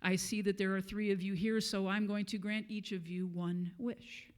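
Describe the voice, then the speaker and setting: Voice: mid-range voice, flat delivery, normal speed, clear, resonant tone, close to an everyday voice. A preacher voicing a big smoky genie who grants wishes in a formal, grand way.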